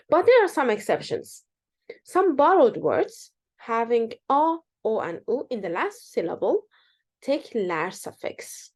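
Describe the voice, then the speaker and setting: A woman gives an online language lesson. Her delivery is slow and unhurried, and her pitch swings widely as she stresses each example word. She pauses on fillers and corrects herself as she explains. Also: darkish tone. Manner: slow, explanatory, repeats example words with emphasis; many fillers and self-corrections. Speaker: Turkish teacher.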